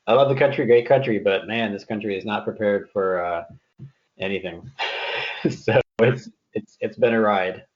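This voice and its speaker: A man's voice: fairly low pitch, normal speed, muffled recording. A man guesting on a casual podcast, talking with a dry, wry humor and easy laughter.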